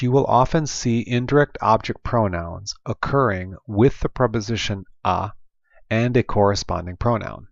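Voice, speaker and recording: Man with an Oklahoma accent, deep gravelly voice, patient teacher, dry dull lo-fi sound. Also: no echo. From Oklahoma, United States. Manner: patient, explanatory, with frequent ums and restarts. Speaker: Spanish teacher. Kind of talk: classroom lesson over slides. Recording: dull lo-fi voice-over.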